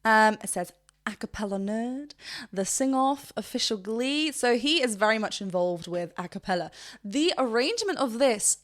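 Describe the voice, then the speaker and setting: A woman's voice: a little high, animated, moderate pace. A woman vocal coach giving chatty, enthusiastic technical commentary in a reaction video, with frequent restarts.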